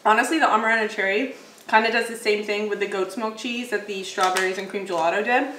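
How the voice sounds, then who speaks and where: A woman's voice: medium pitch, steady tone, quick pace, fairly bright tone, recorded from a distance, slight background noise. Chatty woman tasting snacks in an echoey room. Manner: chatty, laughs often, muses while tasting. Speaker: food vlogger. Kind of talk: casual food review chat. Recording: echoey room, mic set back.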